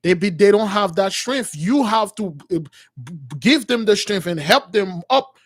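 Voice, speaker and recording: High-voiced preachy call-in host man. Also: animated, normal speed, dry recording, clean studio sound. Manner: preachy, rambling, many fillers. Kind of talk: religious call-in radio talk.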